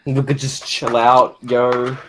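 A man's voice: mid-range voice, flat delivery, slow, slight background noise. A man joking in a casual voice chat, teasing and throwing in playful quips. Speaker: stream guest.

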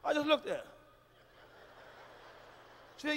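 Man, stand-up comedy, live stage, high pitched, bright sharp tone, loud profane storytelling. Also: big pitch swings, a little slow, a little hiss or hum.

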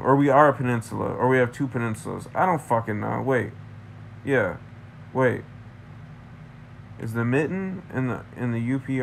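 A man's voice: medium pitch, vocal fry, a little hiss or hum. Profane ranting man reviewing a movie. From Michigan, USA. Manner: profane, ranting, jumps between tangents.

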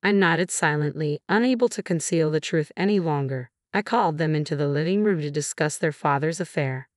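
A woman narrating a first-person drama story in an even, steady reading voice. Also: low-pitched, a little fast, no room sound, studio quality.

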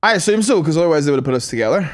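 A young man co-hosting a podcast in relaxed, teasing banter, often breaking into laughter. His voice sits slightly high and jumps around a lot in pitch as he tells a story. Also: rapid-fire. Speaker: podcast co-host. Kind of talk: casual banter.

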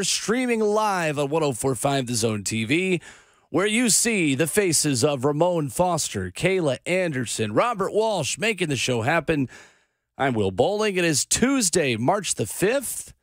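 A man hosting a morning sports talk radio show, running through the lineup in a brisk, upbeat way. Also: fairly high pitch, no echo. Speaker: radio host.

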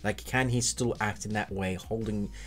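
A man's voice: fairly low pitch, fairly even intonation, normal speed, fairly bright tone. A man giving a casual, enthusiastic spoken review of a TV series, rambling a little and restarting his sentences.

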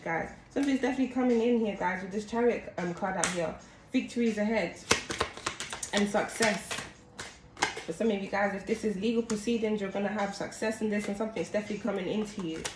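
Chatty woman reading tarot, echoey room. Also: medium pitch. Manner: chatty, keeps calling out to viewers as guys. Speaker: tarot card reader. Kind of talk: casual tarot reading to camera. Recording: echoey room with steady background noise.

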